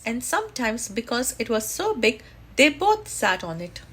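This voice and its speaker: A woman reading a children's picture book aloud at storytime, in a slow and expressive way. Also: a little high, slight background noise. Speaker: storytime reader.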